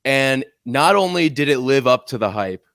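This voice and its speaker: A man co-hosts a casual sports podcast in an easy, teasing manner. His voice sits at a middle pitch, and the mic is close and dry with no room sound. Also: lively intonation, normal speed, a bit bright, no room sound. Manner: upbeat, teasing banter. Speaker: podcast co-host.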